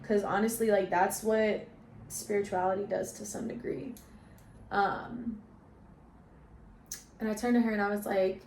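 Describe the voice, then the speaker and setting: Speaking at a moderate pace in a slightly mellow, medium-pitched voice, a young woman tells stories in a casual bedroom vlog, throwing in slang such as "y'all" and "you feel me." The room is echoey, with slight background noise.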